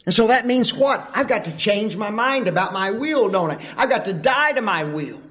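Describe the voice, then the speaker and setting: A man preaching a sermon, emphatic and full of rhetorical questions, swinging from loud calls to hushed asides. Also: sits high, animated, normal speed.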